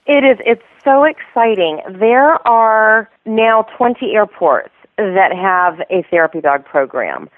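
A woman's voice: mid-range voice, animated, slow, hardly any pauses, no echo. Bubbly woman on a phone line. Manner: bubbly, laughs often, enthusiastic. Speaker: airport therapy dog program coordinator. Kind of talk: phone interview storytelling. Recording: tinny phone line, dry.

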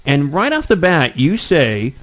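A man's voice: a little high, huge pitch swings, a little slow. A man hosting a radio interview, chatting in a friendly, conversational way. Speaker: radio show host. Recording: lo-fi radio studio sound.

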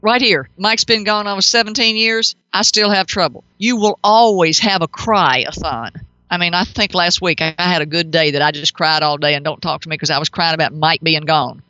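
Bright-voiced woman hosting a call-in show. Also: fairly low pitch, moderate pace, no echo, lo-fi sound. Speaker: pet psychic radio host. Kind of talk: call-in advice talk.

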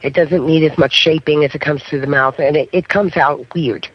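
A man's voice: a little high, fairly even intonation, normal speed, a little hiss or hum. Middle-aged male guest, paranormal investigator; storyteller, frequent check-ins; dull lo-fi radio audio. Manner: storytelling, keeps checking in with "okay?". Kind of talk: radio talk show interview. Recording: muffled radio broadcast.

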